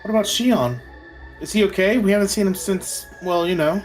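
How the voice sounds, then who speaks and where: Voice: mid-range voice, moderate pace, soft background music. A co-streamer reading a visual novel aloud and joking in easygoing chat.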